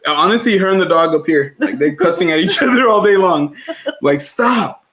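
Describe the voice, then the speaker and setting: A man's voice: high-pitched, lively intonation, quick pace, noisy background. Giggly man chatting on a livestream. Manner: giggly and rambling, laughing often. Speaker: podcast co-host. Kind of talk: casual livestream chat. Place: home.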